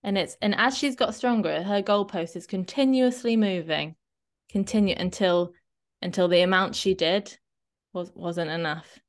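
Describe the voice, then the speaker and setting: A woman fitness coach co-hosting a podcast, chatting casually and often checking in with a quick "right?". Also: mid-range voice. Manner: chatty, animated, often tags a questioning "right?".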